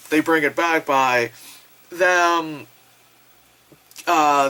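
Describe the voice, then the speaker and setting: A woman's voice: low voice, fairly bright tone, rough recording. Rambling young woman reviewing a film. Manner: rambling, filler-heavy, swears, acts out characters in quotes. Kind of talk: casual spoken review. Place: home, late at night.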